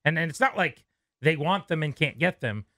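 Male sports radio host, teasing and brisk, a bit higher-pitched, dry studio mic. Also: lively intonation, fairly bright tone, dry recording. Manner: wry, teasing, reads promos and takes calls. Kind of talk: sports radio hosting and banter.

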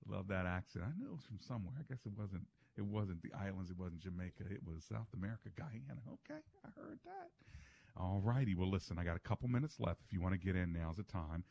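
Folksy deep-voiced male radio host. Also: fast talker, gravelly, hardly any pauses, a little hiss or hum. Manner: lively, folksy, affirming callers. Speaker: radio talk show host. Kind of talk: call-in radio talk.

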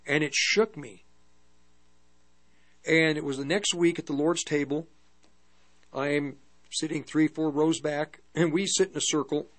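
Halting older man telling a testimony. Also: fairly high pitch, fairly bright tone. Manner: halting, storytelling, frequent restarts. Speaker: preacher. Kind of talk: testimony sermon.

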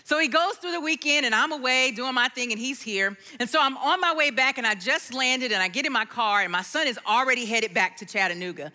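A woman in her forties preaching a sermon, telling stories in an animated way and chuckling now and then. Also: a little high, fairly quick, hardly any pauses. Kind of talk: sermon with personal story.

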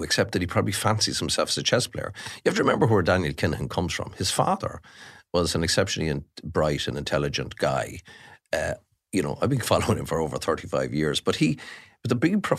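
Middle-aged Irish crime reporter as podcast guest, deep-voiced, forceful and animated. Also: male voice, quick pace. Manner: animated, emphatic with frequent restarts. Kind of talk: podcast interview.

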